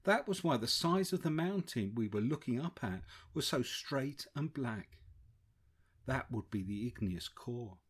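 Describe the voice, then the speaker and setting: A man narrating a first-person travel memoir in a measured, descriptive way. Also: medium pitch, lively intonation, breathy edge. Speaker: audiobook narrator.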